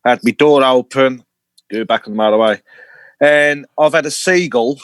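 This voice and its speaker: A man's voice: medium pitch, normal speed, fairly bright tone, dry recording. A man from the UK, a podcast guest, telling a story with some hesitation. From United Kingdom. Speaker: podcast guest, delivery driver. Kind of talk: casual chat.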